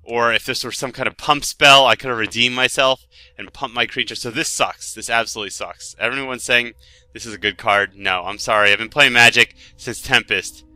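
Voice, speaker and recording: Young man, gaming commentator, rambling storyteller, self-deprecating, bright sharp voice, dry recording. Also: medium pitch, brisk, dry recording. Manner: rambling, self-deprecating, animated when excited. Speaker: gaming video host. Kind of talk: casual storytelling over gameplay commentary. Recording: dry close mic with faint game music.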